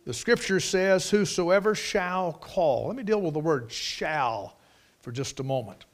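A man's voice: fairly high pitch, lively intonation, measured pace. Folksy preacher man, emphatic. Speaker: preacher, Bible college teacher. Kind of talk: sermon.

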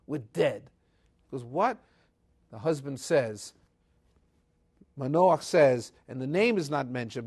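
A man with a slightly raised pitch retells a scripture story for the Sabbath. He tells it casually and with energy, slipping into the voices of the people he quotes. Hebrew words flow naturally into his English. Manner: lively retelling, acting out characters' quotes. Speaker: Torah teacher. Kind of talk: weekly Torah portion storytelling.

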